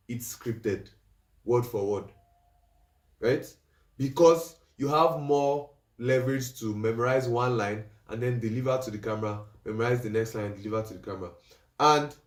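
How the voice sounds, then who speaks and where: A man's voice: mid-range voice, far from the mic. A man teaching a livestream class on making videos, explaining steps and checking in with his listeners. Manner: instructive, checks in with "right?" and "do you understand?". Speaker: livestream creative coach. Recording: roomy echo, voice off-mic.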